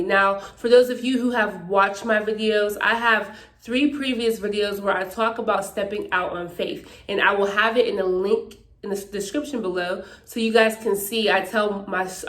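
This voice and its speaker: A woman's voice: mid-range voice, fairly bright tone, roomy sound. A woman from Pittsburgh talking casually and emphatically to her vlog viewers, often checking in with "okay?". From Pittsburgh, Pennsylvania, USA. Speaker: YouTuber. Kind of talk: casual faith testimony vlog.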